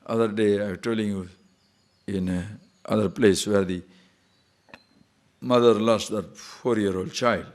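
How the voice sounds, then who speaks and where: A man's voice: on the low side, fairly even intonation, a little mellow. Man giving a scripture lecture. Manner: conversational, asks rhetorical questions, chants verses slowly. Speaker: spiritual teacher.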